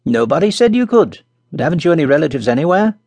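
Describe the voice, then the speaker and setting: A man voicing an eager, boastful schoolboy in a children's storybook reading, lifting his voice high with excitement. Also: quick pace, dry recording.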